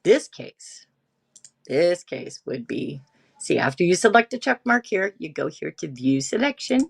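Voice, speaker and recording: Woman host of a casual stream: slow, animated, reads documents aloud. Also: fairly low pitch, gravelly, slightly rough. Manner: animated, drawn-out, talks to chat. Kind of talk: casual livestream chat.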